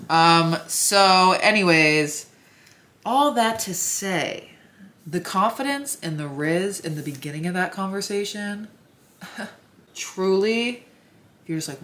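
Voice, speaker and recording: Brief: young woman vlogger, low deep voice, chatty storyteller with lively asides. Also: unhurried, long pauses. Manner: chatty, filler-heavy, animated asides with laughs. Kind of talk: casual storytelling.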